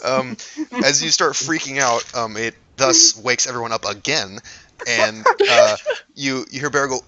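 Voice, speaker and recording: A man narrating a tabletop game as game master, halting and full of fillers as he describes scenes. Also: mid-range voice, lively intonation, sharp tone. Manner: hesitant, lots of ums and restarts while describing scenes. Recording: dull lo-fi recording.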